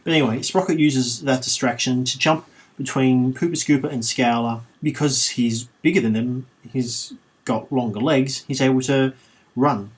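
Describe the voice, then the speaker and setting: A man's voice: mid-range voice, moderate pace, husky. A man reading a children's book aloud with sarcastic, irreverent commentary, swearing freely. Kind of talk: comedic audiobook reading with commentary.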